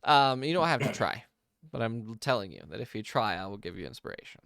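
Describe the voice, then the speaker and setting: A man as game master, narrating and explaining a tabletop game world in a relaxed way with many pauses. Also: mid-range voice, creaky, no echo, studio quality.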